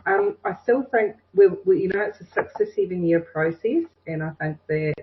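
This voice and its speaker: A woman's voice: fairly low pitch, expressive, normal speed, background noise. Gushing woman on a lo-fi video call. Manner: effusive, encouraging, full of praise. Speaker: intuitive reader. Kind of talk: online call-in reading. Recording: muffled lo-fi video call audio.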